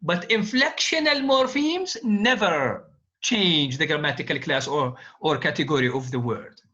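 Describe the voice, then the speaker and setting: Slow, high-voiced lecturer. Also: male voice, animated, sharp tone. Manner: repetitive, drills students with quiz questions. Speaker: university linguistics lecturer. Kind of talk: classroom lecture. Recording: dull lo-fi classroom recording.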